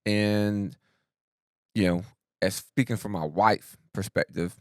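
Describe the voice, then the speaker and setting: Slangy, lower-voiced male podcast co-host. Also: takes it slowly, no room sound, studio quality. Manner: relaxed, slangy and emphatic. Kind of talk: casual conversational podcast.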